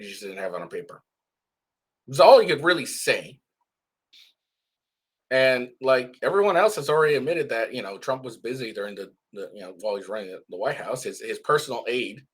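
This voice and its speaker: A man's voice: medium pitch, a bit bright, husky. A man with a stuffy nose giving casual, rambling commentary on live updates, full of restarts.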